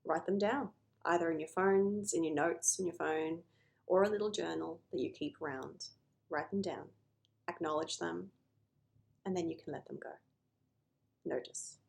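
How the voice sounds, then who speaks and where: A woman's voice: fairly low pitch, normal speed, creaky, pauses often, darkish tone. A woman therapist talking earnestly to camera about noticing emotions, sometimes acting out conversations with clients.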